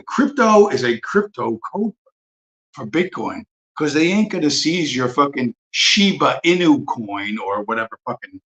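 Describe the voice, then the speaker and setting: A man's voice: medium pitch, fairly bright tone, low-quality recording. Man ranting profanely on a livestream. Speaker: livestream host. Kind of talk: livestream rant.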